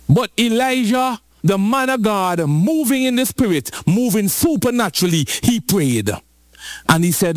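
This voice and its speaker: A man's voice: fairly high pitch, expressive, normal speed, a little mellow, dry recording, studio quality. A man preaching a sermon, telling the story playfully with repetition and call-and-response.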